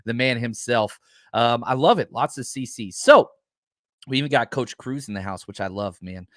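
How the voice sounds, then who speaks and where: A man hosting a live podcast, talking fast and excitedly with lots of fillers, rambling from one point to the next. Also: mid-range voice, no room sound, clean studio sound. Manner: enthusiastic, rambling with many fillers. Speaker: podcast host. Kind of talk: live-stream podcast chat.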